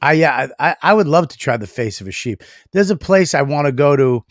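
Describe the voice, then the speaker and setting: A man's voice: a little high, expressive, fairly quick, dry recording, clean studio sound. A man co-hosting a podcast in casual chat, talking bluntly and joking with lots of swearing. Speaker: podcast co-host.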